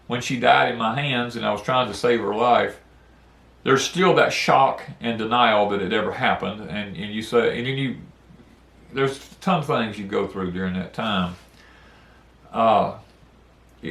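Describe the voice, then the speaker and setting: A man's voice: medium pitch, a bit bright, echoey room. A middle-aged man talking earnestly about grief, rambling and repeating words in a folksy way. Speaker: homestead channel host. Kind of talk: casual heartfelt talk on grief. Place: porch outdoors.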